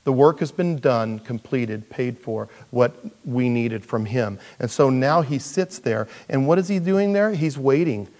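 Male pastor, informal sermon delivery, animated with quips, mid-pitched voice. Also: measured pace, hardly any pauses. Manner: conversational, animated, with self-deprecating asides. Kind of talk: verse-by-verse Bible teaching.

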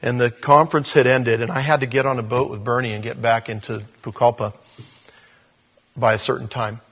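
A male pastor telling a story in a sermon, animated, with stumbles and restarts. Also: medium pitch, fairly quick, husky.

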